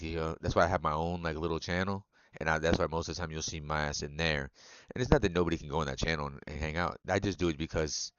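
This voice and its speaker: A man's voice: rumbling low, clear, resonant tone, dull audio. A man streaming a game and chatting casually with viewers, loose and profane, laughing often. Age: adult. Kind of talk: casual live-stream chat.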